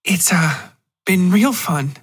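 A man's voice: sits high, animated, slow pace, husky, pitched above the performer's own voice, full character voice. A man voicing an eager young woman writer, upbeat and a little apologetic, in a storytelling podcast.

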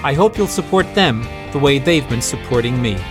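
A man's voice: medium pitch, expressive, moderate pace. Male host over music. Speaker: podcast host and interviewer. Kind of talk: scripted introduction and interview.

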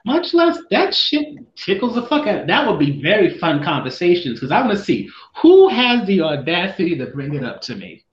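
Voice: mid-range voice, wildly swooping pitch, normal speed, hardly any pauses. A guest in casual podcast chat, talking bluntly and wryly with plenty of swearing. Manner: blunt, profane, wry. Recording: echoey muffled room with faint noise.

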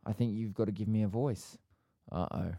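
Man co-hosting a podcast, low voice, dry close sound, laid-back and jokey, casual rambling chat. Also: fairly even intonation, moderate pace, dark tone, no echo. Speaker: podcast co-host.

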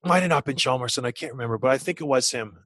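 A man in his thirties telling a story in casual chat, animated and acting out what people said. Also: medium pitch, racing, no echo. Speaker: podcast guest, former hockey player.

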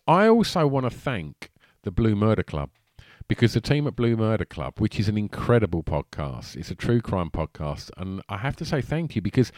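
A man's voice: low-pitched, a little mellow, dry recording. A man with an Essex accent hosting a podcast, chatting casually and rambling with many fillers and restarts. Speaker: podcast host.

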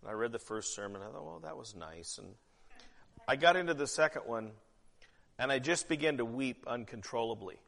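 A man's voice: mid-range voice, brisk, a bit bright. A man preaching a sermon as pastor, candid and conversational, with emphatic asides. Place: church hall. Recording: church hall with long reverb.

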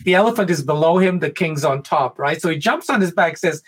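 Guy with a slightly high voice spinning a spiritual story on a podcast, animated, trips over his words. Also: moderate pace, few pauses, slightly rough. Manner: animated storyteller with many restarts.

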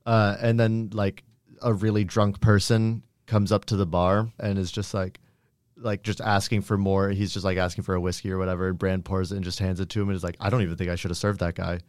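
Low-voiced man running a tabletop game. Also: level tone, a little mellow, smooth, dry recording, clean studio sound. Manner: casual, filler-heavy narration with quick put-on voices for townsfolk. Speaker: game master.

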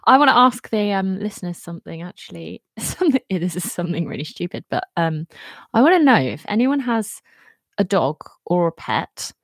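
A woman's voice: fairly low pitch, sing-song, moderate pace, no room sound, clean studio sound. A woman co-hosting a podcast in casual chat, laughing often. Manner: giggly, chatty. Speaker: podcast co-host.

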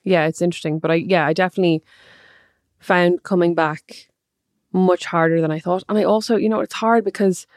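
An Irish woman co-hosting a podcast, talking quickly and openly in a low-pitched voice. She is frank and chatty, and the sound is close and dry. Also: fairly even intonation, darkish tone, dry recording. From Ireland. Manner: rapid, candid and chatty, with laughs. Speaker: podcast co-host. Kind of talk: casual chat.

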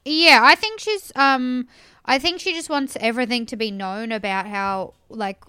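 A woman's voice: a little high, a little slow, pushed and bright, smooth. A young woman co-hosting a casual recap chat, frank and openly irritated, swearing freely. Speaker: podcast co-host.

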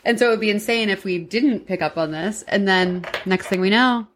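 A woman's voice: mid-range voice, brisk, a little hiss or hum. A woman guest on a podcast telling candid, funny stories in casual chat. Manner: candid, laughing storyteller.

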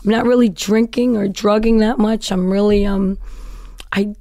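A woman's voice: medium pitch, fairly even intonation, normal speed, mellow, dry recording. A woman comedian telling her life story as a guest, chatty and self-mocking. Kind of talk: candid storytelling interview.

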